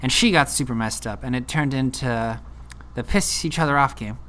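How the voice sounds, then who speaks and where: A man's voice: mid-range voice, moderate pace, fairly bright tone, slight background noise. A young man from California casually telling a story about himself, self-deprecating and rambling with fillers.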